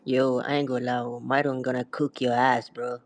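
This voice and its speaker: A man's voice: mid-range voice, level tone, normal speed, no echo. A man raised in France, calling in to argue, taunting and profane, repeating himself. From Ethiopia, raised in France. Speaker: caller. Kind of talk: heated call-in argument.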